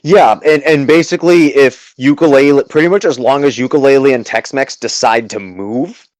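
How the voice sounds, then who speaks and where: A man's voice: medium pitch, normal speed, a little mellow, no echo, poor audio. A man running a tabletop game as game master, chatting casually with players and narrating dramatic scenes.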